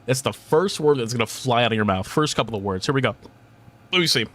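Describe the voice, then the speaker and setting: A young man streamer in casual chat, rambling and animated, swearing casually and laughing often. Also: mid-range voice, fast talker.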